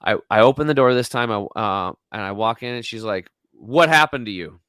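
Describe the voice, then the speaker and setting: Male guest, 40s, low pitch, blunt and emphatic storyteller, dry mic. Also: brisk, a bit bright, smooth, no room sound. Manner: emphatic, rambling, blunt with mild swearing. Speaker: podcast guest. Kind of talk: casual storytelling chat.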